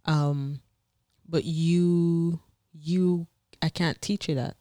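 A woman's voice: deep voice, little pitch movement, slow pace, dark tone, no echo. Earnest woman explaining at length. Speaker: podcast co-host. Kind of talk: casual couple's podcast chat.

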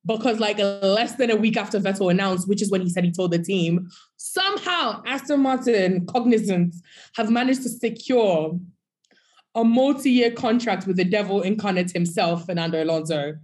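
A woman co-hosting a podcast in casual chat, animated, breaking into sung bits and mock quotes. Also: mid-range voice, moderate pace. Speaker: podcast co-host.

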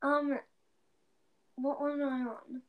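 High-voiced, gushing woman. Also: slow. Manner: gushing, excitable, fangirly. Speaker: podcast co-host. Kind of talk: casual chat.

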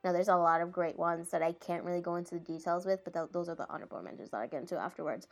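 A woman's voice: on the low side, rapid-fire, vocal fry. A woman talking casually and rambling, with lots of filler words and self-deprecating asides, as she recounts anime moments. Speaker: anime commentator.

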